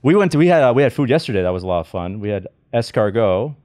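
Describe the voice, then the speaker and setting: A man's voice: lowish voice, lively intonation, fast talker, a little mellow, slight background noise. A man who is a podcast guest, joking and self-deprecating as he tells stories in casual chat. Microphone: studio microphone.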